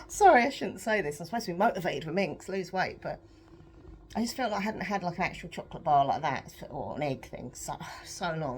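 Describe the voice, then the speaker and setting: A young adult British woman chatting in a rambling, self-deprecating way on a home vlog, her voice a bit croaky, laughing often. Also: on the low side, animated, fairly quick, a little hiss or hum. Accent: British English. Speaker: vlogger. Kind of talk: casual confessional vlog chat.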